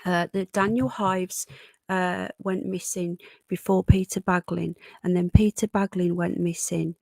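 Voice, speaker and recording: A woman with a Birmingham accent touched by a Yorkshire twang hosts a casual livestream, greeting viewers one by one as darling and hon. Her voice has a gravelly edge. She sits close to a dry microphone with the gain turned right up. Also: on the low side, fairly even intonation, unhurried, darkish tone, dry recording. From Sutton Coldfield, Birmingham, England. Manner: chatty, calls viewers darling and hon, frequent restarts. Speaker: livestream host. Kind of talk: casual live-stream chat reading out comments. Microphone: desk microphone with gain turned up.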